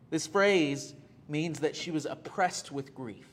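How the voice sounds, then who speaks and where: Male pastor mid-sermon, slightly high voice, earnest, repeats himself for emphasis. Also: takes it slowly, fairly bright tone. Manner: earnest, repeats phrases for emphasis, frequent "uh" fillers.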